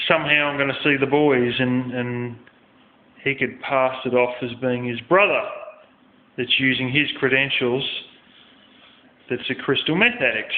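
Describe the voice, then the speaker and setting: Blunt swearing Australian man, tinny echo. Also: mid-range voice. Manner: blunt, swears a lot, rambling. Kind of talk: casual storytelling rant. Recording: tinny phone-like sound in an echoey room.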